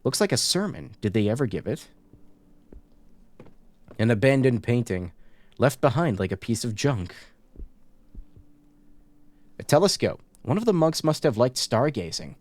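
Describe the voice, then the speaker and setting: A man streaming a horror game, reading the on-screen notes aloud and tossing in joking asides in a casual, relaxed way. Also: mid-range voice, unhurried, long pauses, no room sound.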